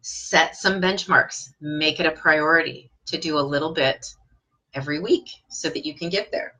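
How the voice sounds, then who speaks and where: A woman teaches English online at normal speed, reading comments from viewers aloud. Her questions are direct and encouraging, marked by lively leaps in pitch.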